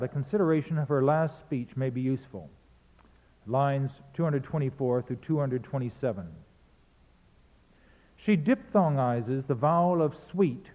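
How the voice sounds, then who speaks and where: Guy giving a lecture, kinda high voice, chants out the beats, sounds like a phone in a big hall. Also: phone-quality sound. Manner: explains verse rhythm, chants beats aloud to demonstrate. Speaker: literature lecturer.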